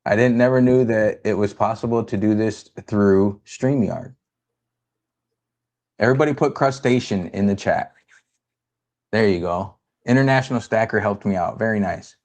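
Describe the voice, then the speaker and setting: A man's voice: on the low side, moderate pace, pauses often, darkish tone. A man hosting a casual livestream, rambling and joking as he multitasks. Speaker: livestream host.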